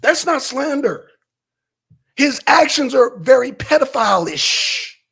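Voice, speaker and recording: A man's voice: very high-pitched, very animated, takes it slowly, vocal fry, fairly bright tone, breathy edge. A male livestream host talking politics in a blunt, profane, heated way from home. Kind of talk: political talk stream.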